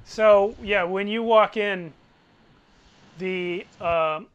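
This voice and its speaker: A man narrating as game master in a relaxed, chatty way, often laughing. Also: sits high, extremely slow, clean tone, muffled recording. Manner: easygoing narration with frequent laughs.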